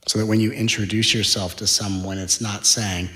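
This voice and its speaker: A man giving a spiritual talk, speaking in slow, deliberate phrases and dropping to a hushed whisper for emphasis. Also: on the low side, level tone, roomy sound. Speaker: spiritual teacher.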